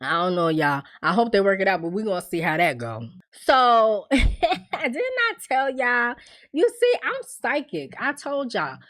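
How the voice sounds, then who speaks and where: A woman casually recapping a TV episode, profane and laughing often, acting out characters' lines in quick impressions. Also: on the high side, huge pitch swings, fairly bright tone. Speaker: TV recap host.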